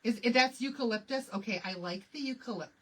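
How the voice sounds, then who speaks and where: A woman's voice: a little high, quick pace. A woman with a Michigan accent chatting casually while she crafts, thinking aloud and laughing often. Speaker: craft vlogger. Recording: distant mic with faint background noise.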